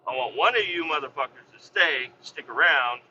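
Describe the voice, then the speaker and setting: A podcast host who owns a business casually tells a heated story, swearing a lot, getting worked up as he goes and re-enacting his own yelling. His voice is on the high side and animated, at a moderate pace. The audio has its highs cut off and slight background noise.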